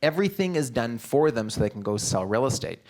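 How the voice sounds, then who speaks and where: A man leads a live business seminar in a direct, upbeat coaching manner. His voice sits in an ordinary middle pitch. He keeps checking in with the audience through short questions. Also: big pitch swings, a little mellow. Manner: peppers talk with quick check-in questions to the audience. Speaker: real estate seminar presenter.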